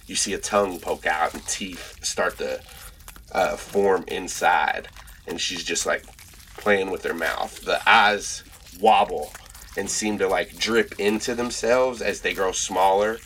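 Low, bright-toned man narrating a horror game. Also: a little hiss or hum. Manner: halting, many fillers, describes slowly. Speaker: game master.

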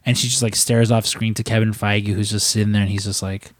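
A man's voice: fairly low pitch, a little fast, no room sound, studio quality. Rambling, profane young man chatting. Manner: rambling, profane, animated storyteller. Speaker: podcast host. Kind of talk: casual chat.

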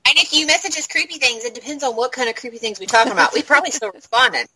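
A woman's voice: sits high, lively intonation, rapid-fire, pushed and bright, husky, low-quality recording. A woman co-hosting a podcast, telling stories in a chatty way and going off on playful rants. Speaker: podcast co-host. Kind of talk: casual chat.

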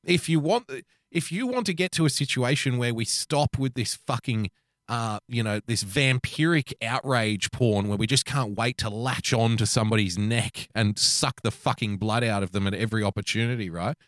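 A man's voice: medium pitch, normal speed, a bit bright, dry recording, studio quality. A man co-hosting a podcast, ranting bluntly in profane casual chat. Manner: blunt, ranting, heavy swearing. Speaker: podcast co-host.

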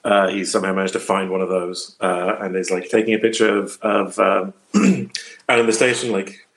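Low-voiced man rambling in a game. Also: steady tone, normal speed, gravelly, fairly bright tone, a little hiss or hum. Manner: rambling, filler-heavy. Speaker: player. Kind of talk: casual tabletop game chat.

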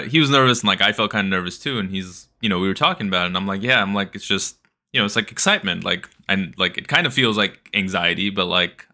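A man's voice: on the low side, pushed and bright. A man co-hosting a podcast, telling a rambling story in casual chat with lots of fillers. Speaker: podcast co-host.

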